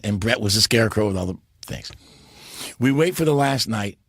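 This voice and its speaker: A man, a podcast guest, telling stories in a lively, animated way and slipping into character voices. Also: mid-range voice, normal speed, husky, dry recording. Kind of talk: casual interview storytelling.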